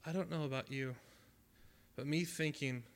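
A man preaching a sermon at a youth camp, conversational and dramatic, swinging from loud to hushed. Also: a little high, fairly even intonation, moderate pace.

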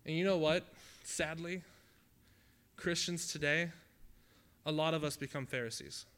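A man preaching a sermon at a youth camp, conversational and dramatic, swinging from loud to hushed. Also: fairly high pitch, fairly even intonation, a little slow, clear, resonant tone.

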